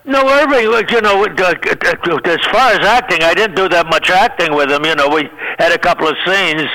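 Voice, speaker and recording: An older man, a veteran comedian, telling show business stories in a lively, laughing way. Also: high voice, normal speed, rough recording. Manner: animated storyteller, laughs often, acts out quotes. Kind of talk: casual anecdote chat.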